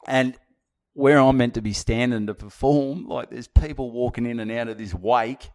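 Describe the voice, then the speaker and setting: A man's voice: mid-range voice, normal speed, darkish tone. An Australian man who does stand-up tells a story in loose, casual conversation. He rambles, restarts his sentences and swears freely. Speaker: stand-up comedian.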